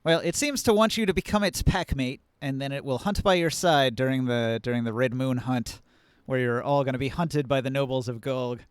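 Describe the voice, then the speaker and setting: A man narrating a tabletop game as game master, relaxed and descriptive. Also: mid-range voice, brisk, few pauses, smooth, no echo.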